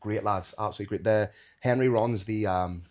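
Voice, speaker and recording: A man's voice: fairly low pitch, a little fast, darkish tone. A man with a Belfast accent, a combat sports commentator being interviewed, talking casually and enthusiastically and laughing easily. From Northern Ireland.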